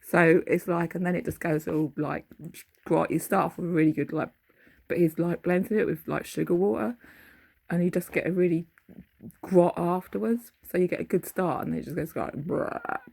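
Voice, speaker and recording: A middle-aged woman talks in a meandering, casual way, stopping to hunt for words. Her voice sits low and has a husky, gravelly texture. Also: steady tone, moderate pace, dark tone. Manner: meandering, loses her thread, searches for words. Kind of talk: rambling casual monologue recounting a dream.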